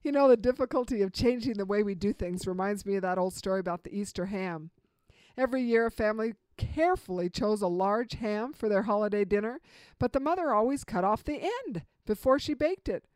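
A middle-aged woman giving an earnest instructional talk, slowing down to stress key points. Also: mid-range voice, darkish tone, smooth, dry recording. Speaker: communication speaker.

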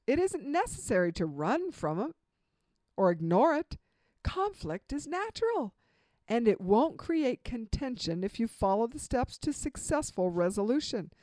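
A woman giving a spoken lecture on marriage advice, with an emphatic, expressive delivery and dramatic pauses. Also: a little high, no echo. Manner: acts out example dialogue in vivid voices. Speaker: marriage relationship speaker.

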